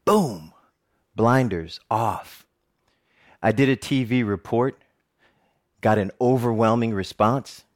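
A man's voice: mid-range voice, slow pace, long pauses. A middle-aged man, a TV presenter, giving a personal storytelling talk with jokes and frequent laughter. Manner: animated, jokey storyteller who laughs often.

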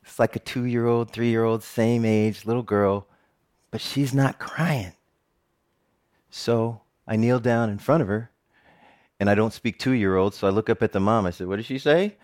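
A man's voice: lowish voice, unhurried, a little mellow, clean tone. A middle-aged man giving a personal storytelling speech, humorous and self-mocking. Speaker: TV reporter giving a talk.

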